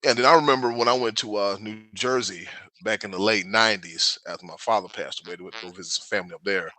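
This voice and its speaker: A man with a South Carolina accent chatting easily as a podcast co-host. His voice sits fairly low but comes across bright and forceful. He tells stories in a relaxed, joking way, recorded dry and close. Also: quick pace, no room sound. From South Carolina, USA. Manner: animated storyteller, laid-back and joking. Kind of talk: casual chat.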